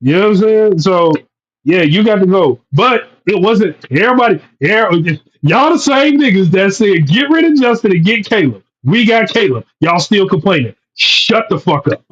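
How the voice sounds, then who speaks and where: A man co-hosting a casual sports podcast, ranting loudly and profanely about his team. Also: high voice, lively intonation, normal speed, highs cut off. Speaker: podcast co-host.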